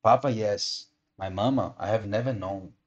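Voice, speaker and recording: Man doing a wooden puppet boy, earnest and pleading, voice a bit higher than his own. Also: normal speed, highs cut off, lightly acted. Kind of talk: storybook reading.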